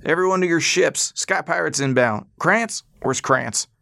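A man voicing an old, hobbling male dock leader in an audiobook, shouting with urgent command. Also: medium pitch, animated, brisk, vocal fry, no room sound, studio quality, voice pushed up. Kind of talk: audiobook character voice.

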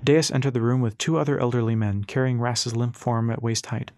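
A man narrating an audiobook in a steady, even storytelling voice. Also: mid-range voice, a little fast, dry recording, studio quality.

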